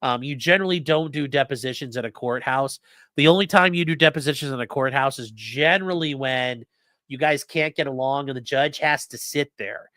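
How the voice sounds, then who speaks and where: A man's voice: a little high, sharp tone, dry recording, studio quality. A male lawyer giving blunt, profane live-stream commentary and reading out chat.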